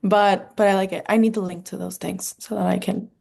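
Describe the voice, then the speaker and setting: A woman's voice: medium pitch, fairly even intonation, fairly quick, gravelly, a little mellow. A woman guest, a behavior therapist, chatting casually and repeating short upbeat phrases. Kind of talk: casual chat.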